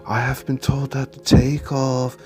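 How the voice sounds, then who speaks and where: A man's voice: medium pitch, completely flat delivery, a little mellow, faint music behind, pitched above the performer's own voice, natural voice. A man putting on a teasing young Dutch woman. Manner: broken English, careful slow phrasing.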